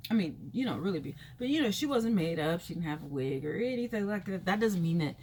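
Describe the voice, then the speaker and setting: A woman vlogger telling a personal story in a casual, rambling way, full of fillers, her pitch leaping when she acts out reactions. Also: quick pace, a little hiss or hum. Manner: chatty and rambling, full of "you know" fillers; animated, jumps high in pitch when acting out reactions.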